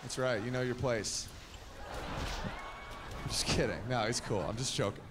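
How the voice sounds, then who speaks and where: A man's voice: mid-range voice, normal speed. A man doing a stand-up comedy set in a club, a brash storyteller who acts out both sides of his stories. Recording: noisy club recording with audience.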